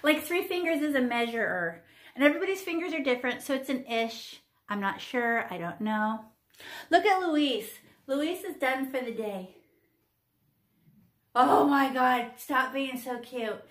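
A woman's voice: high-pitched, animated, a little slow, fairly bright tone, echoey room. A woman in her fifties teaching children to paint, playful and chatty, teasing the class and talking to herself as she works. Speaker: art teacher.

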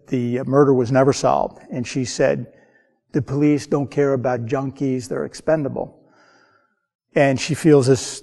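An older painter from the American Midwest tells stories slowly and earnestly, pausing between thoughts. His voice is mellow and warm. It sits in a long, hall-like reverb. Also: mid-range voice. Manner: earnest, unhurried storytelling with pauses. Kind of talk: storytelling interview.

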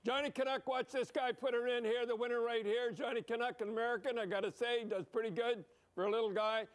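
A man's voice: extremely high pitch, steady tone, quick pace. An older man giving blunt, emphatic, rambling hockey commentary over replays, dropping frequent "eh?".

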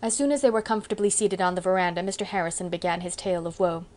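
A woman narrating a classic novel for an audiobook in a measured, even storytelling manner. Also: fairly low pitch. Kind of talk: scripted narration.

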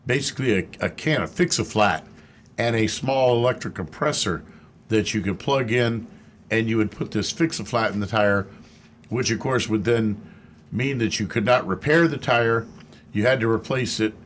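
A man's voice: lowish voice, normal speed, a bit bright, slight background noise. A man co-hosting a radio call-in show about cars, explaining answers at length and laughing easily. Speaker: auto expert co-host. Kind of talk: radio call-in car talk.

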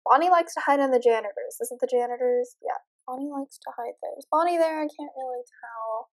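A woman's voice: high-pitched, a little fast. A young woman nervously commenting as she plays a horror game, chatting to her viewers. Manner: nervous, jumpy, talks to viewers. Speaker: gamer.

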